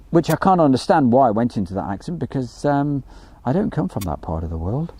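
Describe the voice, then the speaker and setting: A man's voice: mid-range voice, big pitch swings, a little fast, mellow, slightly rough, no room sound. A man hosting a casual live stream from outdoors by an airfield, chatty and joking as he reads out viewer messages.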